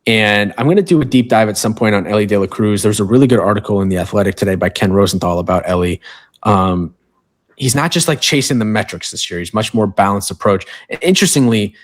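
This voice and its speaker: A man's voice: on the low side, fast talker. A man co-hosting a sports podcast in casual chat, easygoing, running through stats with side remarks. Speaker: podcast co-host.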